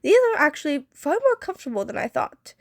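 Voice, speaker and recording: A woman's voice: high-pitched, very animated, fast talker, gravelly, no echo, clean studio sound, pitched above the performer's own voice, exaggerated voice. A woman voicing a precise, logical young man. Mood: matter-of-fact. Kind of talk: fan fiction read aloud.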